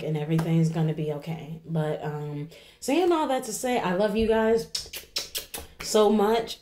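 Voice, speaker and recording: A woman's voice: on the low side, warm tone, reverberant. A woman in her forties, tearful after crying, talking in a rambling way to her viewers and often asking "okay?" and "you know?". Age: 40s. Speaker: vlogger. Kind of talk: emotional vlog talk to viewers.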